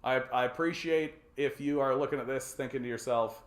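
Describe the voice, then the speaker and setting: On his laid-back call-in livestream, a man from Canada talks a little fast with few pauses, his medium-pitched voice sounding reverberant. He wanders from topic to topic, cracks jokes, curses a lot and keeps restarting amid fillers.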